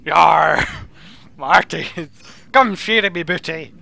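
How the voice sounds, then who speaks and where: Brief: man doing a hearty old half-elf who talks like a pirate, rough voice, bright tone. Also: fairly high pitch, very slow, full character voice. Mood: jovial. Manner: hammy pirate growl, full of "arr" and "yar". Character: old silver-haired male half-elf orchard keeper talking like a pirate.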